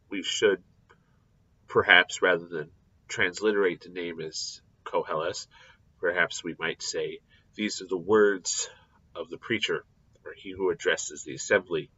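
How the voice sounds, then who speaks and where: A man giving a recorded scripture lecture, explaining deliberately with frequent pauses and fillers. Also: deep voice, steady tone, sharp tone, breathy edge, dull audio. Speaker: Bible teacher.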